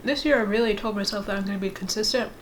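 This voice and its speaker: A woman's voice: mid-range voice, rapid-fire, slight background noise. Rambling, playful young woman vlogger. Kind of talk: casual vlog chat.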